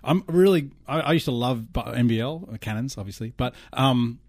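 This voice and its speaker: A man from Australia co-hosting a casual chat, making deadpan jokes. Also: mid-range voice, brisk, dry recording, studio quality. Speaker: co-host.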